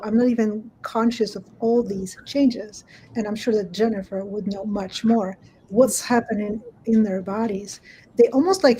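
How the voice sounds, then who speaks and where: A woman's voice: a little high, a little mellow, a little hiss or hum, poor audio. A woman guest on a panel who laughs often and restarts her sentences as she talks. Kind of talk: casual panel discussion.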